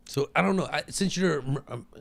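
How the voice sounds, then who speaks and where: Gravelly man teasing playfully. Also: a little high, fast talker. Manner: playful, teasing, deadpan jokes. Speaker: comedian guest. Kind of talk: casual chat.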